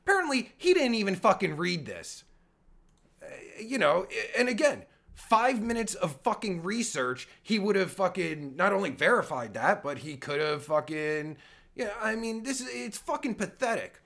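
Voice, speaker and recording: A man's voice: high-pitched, sing-song, normal speed, gravelly, fairly bright tone. A man reacting to a recording of his own interview, swearing heavily and ranting in exasperation. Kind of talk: angry reaction commentary.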